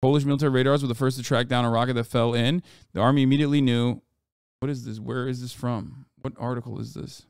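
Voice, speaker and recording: A man streaming live, reacting to news with profane, animated commentary and talking back to his chat. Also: mid-range voice, creaky, smooth, dry recording, studio quality. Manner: reads quotes aloud quickly.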